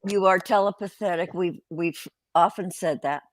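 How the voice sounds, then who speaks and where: A woman's voice: on the low side, normal speed, dry recording. An older woman hosting a casual live-stream chat, rambling and swearing freely as she greets viewers. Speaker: host.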